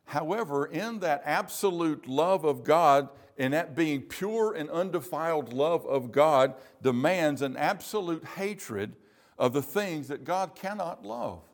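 Man preaching a measured, emphatic sermon. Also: on the high side, expressive. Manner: measured, emphatic preaching with slow stressed phrases. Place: church.

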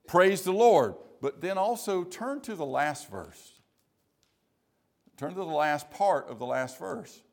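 A pastor from South Carolina, preaching a sermon slowly and deliberately, with emphatic repeated phrases. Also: male voice, a little high.

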